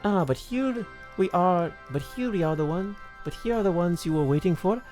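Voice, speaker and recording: A man's voice: high voice, animated, a little mellow, voice pushed up. A man voicing a doting, dramatic fairy royal with an attempted Scottish accent, reading theatrically over faint game music. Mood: doting, grand. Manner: theatrical, drawn-out reading with stumbles.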